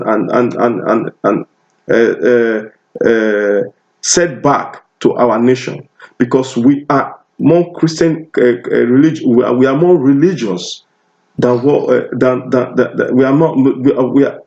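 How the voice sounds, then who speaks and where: A man's voice: mid-range voice, steady tone, measured pace, darkish tone. A Nigerian man with a Nigerian accent preaching a sermon, emphatic and repetitive, often restarting his phrases. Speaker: pastor. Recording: dull lo-fi recording.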